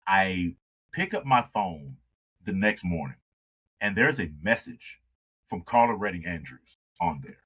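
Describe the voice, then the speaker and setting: A deep, husky-voiced man speaks as a singer being interviewed. He tells his stories in an animated way and acts out the lines of the people in them. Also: measured pace, rough recording. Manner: animated storyteller who acts out dialogue. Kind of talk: storytelling in a conversation.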